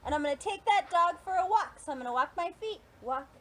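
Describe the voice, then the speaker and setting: A woman's voice: extremely high pitch, lively intonation, quick pace. A woman teaching a playful yoga class for children and families, talking in a sing-song way, singing and making animal sounds. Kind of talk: playful kids' yoga instruction with songs and a story.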